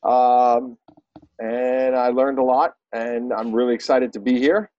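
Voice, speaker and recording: A man's voice: mid-range voice, steady tone, unhurried, dark tone, dry recording. Hesitant New York man, dull lo-fi sound. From Brooklyn, New York. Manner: self-deprecating, hesitant, many ums. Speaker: podcast guest. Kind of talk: casual chat.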